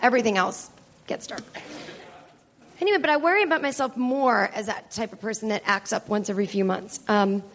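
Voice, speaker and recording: A woman's voice: mid-range voice, a little fast, a bit bright. A middle-aged woman comedian telling rambling, profane stories on stage at a live taping. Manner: chatty, profane, rambling asides. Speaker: stand-up comedian and podcast host. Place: stage in a small comedy venue.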